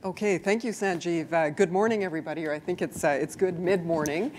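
A woman's voice: lowish voice, quick pace, a little mellow, slight background noise. A woman diplomat giving an informative presentation at a trade forum.

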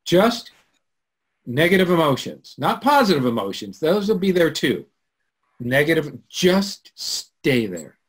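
A man hosting a live webinar, telling a story in an animated way that swings from loud to hushed. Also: a little high, measured pace, breathy edge. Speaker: webinar host. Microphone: computer mic on a video call.

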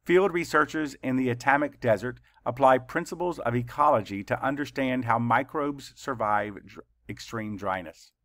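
A male teacher leading a children's spelling lesson, spelling each word out letter by letter with slow, deliberate dictation. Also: medium pitch, a bit bright, dry recording, studio quality.

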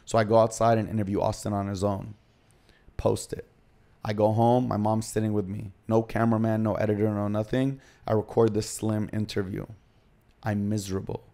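A man sits in as a podcast guest and tells his own story in clipped, confessional bursts. His voice sits low, with little rise and fall in pitch. His tone is dark and mellow. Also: flat delivery, normal speed, creaky. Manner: confessional, retelling events in short present-tense bursts.

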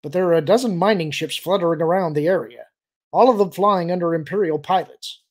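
A man's voice: sits high, fairly quick, darkish tone, voice pushed up. A man reading an audiobook, voicing an insistent, disgusted male colonist who snaps and retorts. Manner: snapping and insistent.

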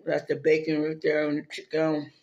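A man's voice: on the high side, monotone, moderate pace, a little mellow, lo-fi sound. A man hosting a casual eating video, humming and laughing as he talks between bites. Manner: laughs often, hums while chewing. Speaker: mukbang host. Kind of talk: casual chat while eating.

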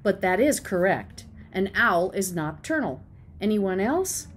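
A woman voicing a strict, quiet older female schoolteacher in a children's storybook reading, calm and correcting. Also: medium pitch, unhurried, slight background noise. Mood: stern.

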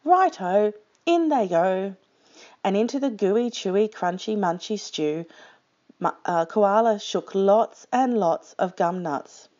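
Woman reading a picture book slowly. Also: mid-range voice, lo-fi sound. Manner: slow, expressive storytime delivery. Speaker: storyteller.

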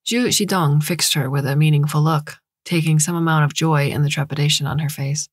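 A woman narrating a science fiction short story in a measured, steady reading. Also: sits low, breathy edge, no room sound, clean studio sound. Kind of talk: scripted audiobook narration.

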